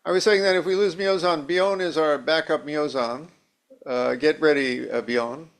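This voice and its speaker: A man hosting a video call, joking and teasing to fill a pause. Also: fairly high pitch, fairly even intonation. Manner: playful, teasing. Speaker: host.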